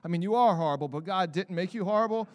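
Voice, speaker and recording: In a church sanctuary, a male pastor preaches a sermon in a high, light voice at a fast pace, with a long reverb tail. His animated delivery shifts from quiet, reflective asides to fiery bursts that build into shouts, and he mimics people's voices to illustrate his examples.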